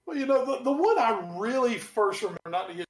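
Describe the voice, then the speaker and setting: A man with a high voice co-hosts a casual sports chat. He talks in an animated, rambling way and swears freely. His voice carries a roomy echo. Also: fast. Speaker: podcast co-host.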